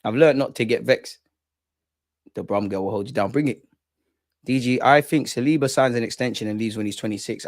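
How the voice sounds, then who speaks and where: A young man with a London accent talks loosely on a live stream, full of street slang and easy laughs. His voice sits at a middling pitch, recorded close and dry with no room sound. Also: fairly quick, long pauses, no room sound. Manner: slangy, chatty, laughs a lot. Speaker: livestream host. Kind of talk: casual live chat reading viewer comments.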